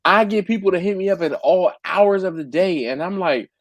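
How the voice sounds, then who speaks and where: A man's voice: high-pitched, normal speed, few pauses, no room sound, studio quality. A man who hosts a barbecue channel, telling stories in a casual live group chat. He talks in slang and acts out his customers' messages. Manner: uses slang like "yo", "fam", "dog". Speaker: BBQ caterer and channel host.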